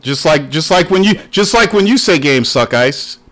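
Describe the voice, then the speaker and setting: A man's voice: on the high side, animated, normal speed, a bit bright. Male podcast host, blunt and profane, casual argumentative banter.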